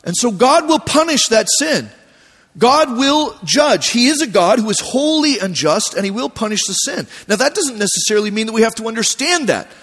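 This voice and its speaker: A man preaching a sermon as pastor, telling stories in a relaxed, conversational way with animated voiced asides. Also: very high voice, moderate pace. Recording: long hall reverb.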